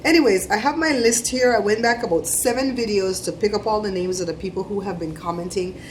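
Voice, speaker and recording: A middle-aged woman vlogger giving chatty, animated shout-outs to her viewers. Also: mid-range voice, brisk, slight background noise. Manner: chatty, animated storytelling with laughs.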